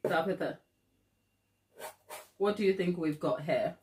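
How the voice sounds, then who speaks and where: A woman's voice: lowish voice, a little slow, a little mellow, a little hiss or hum. A woman giving a live cake decorating tutorial in a kitchen, chatting and laughing often at herself.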